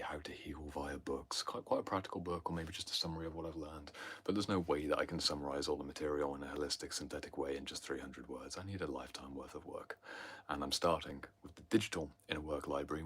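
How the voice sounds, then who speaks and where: A man hosting a livestream Q&A, talking intensely and often sinking into a breathy near-whisper, then rising to loud emphasis. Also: extremely low pitch. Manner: swings between loud emphasis and hushed asides. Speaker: host answering viewer questions. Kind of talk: livestream Q&A talk.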